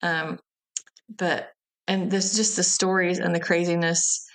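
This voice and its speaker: A woman's voice: lowish voice, flat delivery, measured pace. A woman, a festival's event director, chatting as an interview guest and telling rambling, laughing anecdotes. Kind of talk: casual interview chat.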